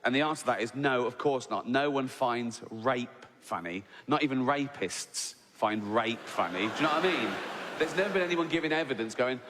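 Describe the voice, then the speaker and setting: A man's voice: mid-range voice, normal speed, fairly bright tone. A middle-aged man doing a stand-up routine, swearing a lot and acting out both sides of arguments in raised voices. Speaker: stand-up comedian. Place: large theatre stage. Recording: live hall with reverb and audience noise.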